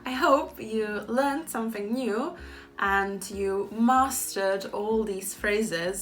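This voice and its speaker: A woman's voice: medium pitch, slow, faint music behind. A woman teaching a pronunciation lesson, speaking carefully and repeating each phrase so learners can practice. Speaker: Czech language teacher.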